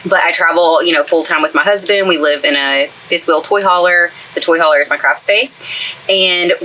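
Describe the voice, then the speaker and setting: Bright, chatty woman. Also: fairly low pitch, moderate pace, poor audio. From East Texas. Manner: chatty, gushing and enthusiastic. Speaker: craft channel host. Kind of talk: casual craft tutorial chat. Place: craft space in a camper trailer.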